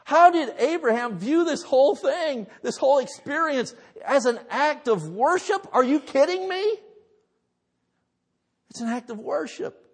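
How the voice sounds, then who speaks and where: Man, pastor, sermon, dramatic emphatic storytelling, high voice, long church reverb. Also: lively intonation, unhurried. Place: church sanctuary.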